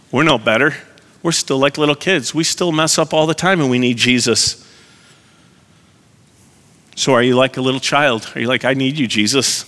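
An earnest male pastor preaches with a bright, forceful voice. His words ring out into a long, reverberant church hall. He keeps turning to his listeners with direct questions. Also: mid-range voice. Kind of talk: sermon.

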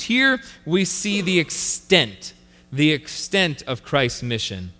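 A man's voice: on the high side, wildly swooping pitch, takes it slowly, sharp tone, long reverb tail. A male pastor preaching a sermon, earnest and repeating key phrases for emphasis. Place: church sanctuary.

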